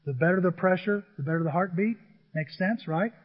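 An older male pastor with a high voice delivers a sermon, animated and storytelling. His voice carries a long reverb from a large hall. The recording sounds a little dull. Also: fairly quick.

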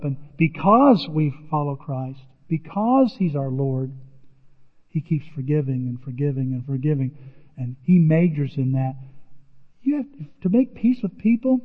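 A man preaching a sermon, emphatic and animated, often exclaiming and repeating words as he reads verses. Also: a little high, moderate pace. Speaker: pastor. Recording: reverberant hall, dull lo-fi sound.

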